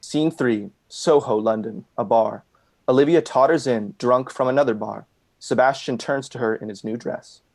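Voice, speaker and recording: A man reading stage directions in a live play reading over a video call, in a plain, even manner. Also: medium pitch, normal speed.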